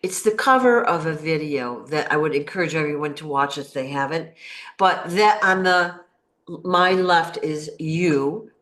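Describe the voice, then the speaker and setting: Low-voiced woman hosting an interview. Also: a little slow, fairly bright tone. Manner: affirming, with frequent yeahs. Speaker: interview host. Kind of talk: casual interview talk.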